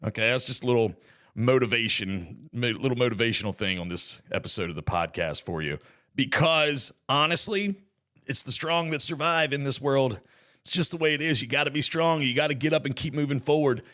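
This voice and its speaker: Male podcast host, bright tone, chatty solo talk with joking asides. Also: mid-range voice, expressive, brisk.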